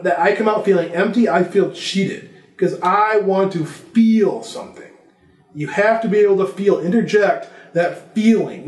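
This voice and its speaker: A man's voice: high voice, a little mellow, echoey room. A man giving a casual vlog lesson on filmmaking, talking conversationally and listing examples. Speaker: filmmaking instructor.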